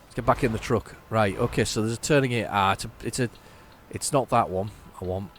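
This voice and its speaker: A man's voice: fairly low pitch, fairly quick, fairly bright tone, a little hiss or hum. A man hosting a gaming channel, giving casual, playful commentary as he narrates his driving aloud.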